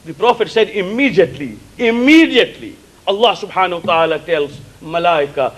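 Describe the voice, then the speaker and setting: A man with a high voice delivers a sermon. His first language is Gujarati, and he speaks emphatically, slowing down to repeat and explain key words. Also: expressive, poor audio. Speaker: religious preacher.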